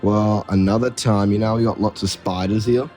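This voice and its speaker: An Australian man speaks in a fairly low voice, telling silly confessions with a straight, deadpan delivery. He sounds relaxed and unbothered while he talks. Quiet music plays faintly behind him. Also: normal speed. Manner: deadpan joking. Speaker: caller confessing on stream. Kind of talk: casual call-in chat.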